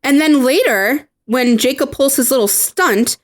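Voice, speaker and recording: A woman's voice: high voice, animated, a little slow. A woman hosting a podcast in casual chat, exasperated and swearing as she retells scenes. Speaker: podcast host.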